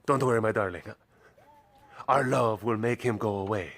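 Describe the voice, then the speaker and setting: A man's voice: fairly low pitch, normal speed, a bit bright, pitched below the performer's own voice. A man voicing an amorous male tiger, speaking in a mock-romantic, hammy lover's tone. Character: amorous male tiger, smooth-talking suitor.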